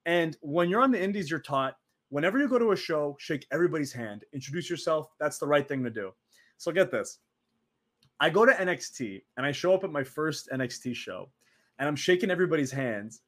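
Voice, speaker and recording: A man in his twenties, an interview guest telling stories in a lively way, acting out quotes and laughing often. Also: fairly high pitch, brisk. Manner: animated, acts out quoted voices, laughs often. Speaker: interview guest, former wrestler. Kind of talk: casual storytelling.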